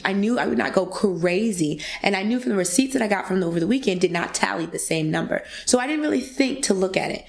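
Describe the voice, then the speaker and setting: A young woman in her twenties telling a casual, animated story to podcast listeners and acting out the voices she quotes. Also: lowish voice, gravelly. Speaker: podcast guest speaker.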